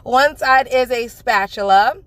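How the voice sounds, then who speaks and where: A woman from the Bronx, loudly and gushingly unboxing a nail kit in a sing-songy voice. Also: fairly high pitch, a little slow, no echo. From the Bronx, New York. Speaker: nail beauty vlogger. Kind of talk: excited product unboxing.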